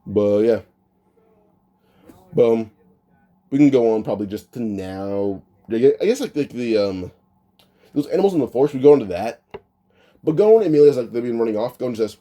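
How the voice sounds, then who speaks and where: A man with a very dark, mellow voice improvises a fan storyline in a loose, chatty way. He rambles, restarts his sentences and leans on filler words as he goes. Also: mid-range voice, animated, quick pace. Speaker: anime what-if storyteller. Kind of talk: casual improvised retelling.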